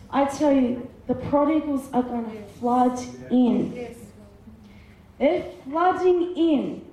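A woman's voice: sits high, warm tone, a little hiss or hum. A woman preaching a sermon, impassioned, retelling a story and voicing its characters. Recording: very echoey hall.

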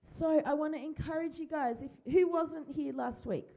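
A woman pastor, speaking gently and encouragingly, often repeating her phrases, during a church service and children's talk. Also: sits high, moderate pace, gravelly. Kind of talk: worship prayer and children's talk. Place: church hall. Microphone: handheld microphone.

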